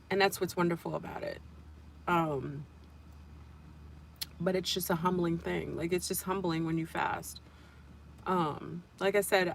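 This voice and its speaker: A woman's voice: fairly low pitch, creaky, slight background noise. A woman hosting a casual livestream, telling a spiritual story in a rambling way and repeating and restarting her phrases.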